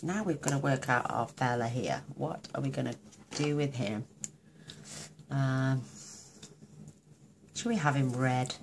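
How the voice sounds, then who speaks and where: A woman's voice: extremely low pitch, a little slow, gravelly, pauses often, noisy background. A woman demonstrating card-making, gushing and chatty as she thinks aloud while colouring. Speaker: craft demonstrator.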